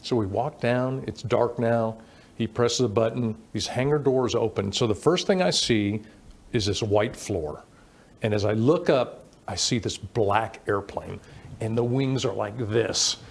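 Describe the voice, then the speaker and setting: A middle-aged man telling animated stories as an interview guest, acting out quoted dialogue as he goes. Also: fairly low pitch, measured pace, vocal fry. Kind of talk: storytelling in a conversational interview.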